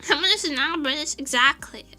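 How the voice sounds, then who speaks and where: Young woman streamer, high and very bright voice, unhurried, laughing storyteller, faint music behind. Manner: laughs often, animated storytelling. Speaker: vtuber streamer. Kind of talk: casual chat.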